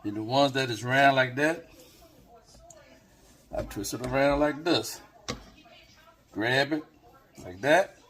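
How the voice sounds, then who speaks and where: A man's voice: medium pitch, slow pace, pauses often, fairly bright tone. A man in his home kitchen, talking casually to a camera on a tripod as he shows his cooking steps, rambling and checking in with viewers. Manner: rambling, talks straight to viewers, lots of okays. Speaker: home cook filming a cooking video.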